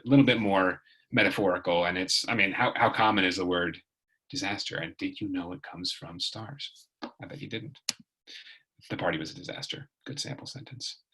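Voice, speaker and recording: A man's voice: low-pitched, bright, forceful tone, husky, poor audio. A man tutoring in a casual, rambling video lesson, chatty and full of fillers and restarts.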